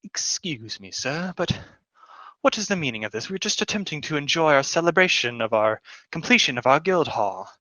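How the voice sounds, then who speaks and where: A man doing a soft, aloof elf leader. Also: fairly high pitch, big pitch swings, moderate pace, no room sound. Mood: polite. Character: tall thin male elf, calm and aloof.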